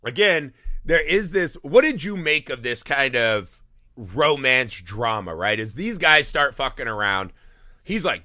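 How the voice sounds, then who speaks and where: A man's voice: mid-range voice, sing-song, unhurried, pushed and bright, no echo, studio quality. A man co-hosting a movie podcast, telling the story in casual, profane chat and acting out the characters' lines. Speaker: podcast co-host.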